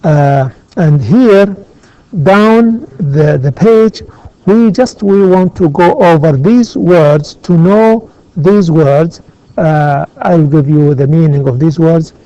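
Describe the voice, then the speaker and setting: A male English teacher works through a grammar exercise at a very slow, deliberate pace, pausing often and glossing words in Arabic. His voice is mellow and a bit high. The recording is dull and lo-fi, with a dry, close sound. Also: no echo. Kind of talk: classroom grammar lesson.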